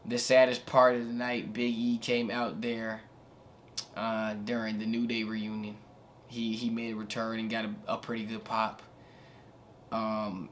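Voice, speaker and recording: A man's voice: medium pitch, a little hiss or hum. A young man giving casual reaction commentary as a wrestling vlogger, laid-back and slangy, rambling with filler asides.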